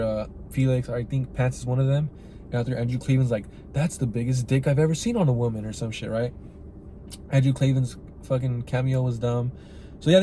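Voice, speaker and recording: Rambling, profane man with a mellow voice. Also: mid-range voice, slight background noise. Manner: rambling and profane, heavy use of "like" and "right?". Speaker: podcast host reviewing a film. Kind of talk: casual spoken review.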